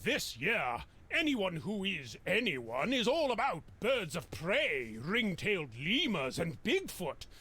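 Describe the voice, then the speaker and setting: A vain, pompous British thespian in a comedy video game, speaking with a British accent. His voice is bright and a little husky, and his pitch rolls theatrically up and down. He sounds haughty and pleased with himself. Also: wildly swooping pitch, slow pace, full character voice. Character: vain pompous male British stage actor.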